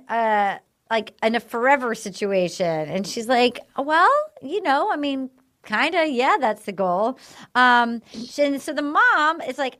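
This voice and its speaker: Lively high-voiced woman hosting a podcast. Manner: animated retelling with quoted dialogue and fillers. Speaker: podcast host. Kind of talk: casual chat recapping a TV episode.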